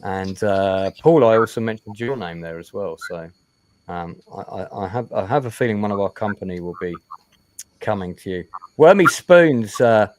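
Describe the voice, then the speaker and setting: A man's voice: low voice, moderate pace, darkish tone. A man hosting a casual interview over a video call, chatty and repeating words as he gathers his thoughts. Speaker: interview host.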